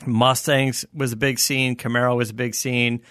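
A man from South Florida hosting a casual chat and reading an ad, relaxed and rambling. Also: mid-range voice, moderate pace, smooth, dry recording, clean studio sound. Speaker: host.

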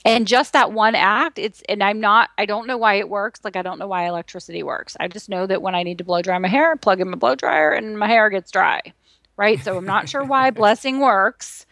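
A middle-aged woman author talking as a podcast guest, animated and laughing often as she acts out quotes. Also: mid-range voice, brisk, no echo, clean studio sound. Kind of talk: casual podcast interview. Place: lives in Texas.

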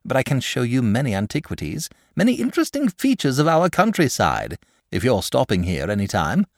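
A man's voice: mid-range voice, huge pitch swings, brisk, gravelly, no room sound, studio quality, pitched above the performer's own voice. A man voicing a timid, genteel male dragon who talks nervously and gets easily flustered, in a storybook reading. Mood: nervous, polite.

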